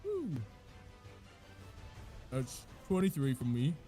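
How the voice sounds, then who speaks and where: A man playing a tabletop game who reacts in an excitable way. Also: a little high, slow pace, soft background music. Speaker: player.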